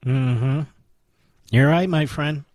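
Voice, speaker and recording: A man's voice: slow pace, darkish tone, no room sound. Combative talk radio host, man. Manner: combative, emphatic, swings to high exclamations.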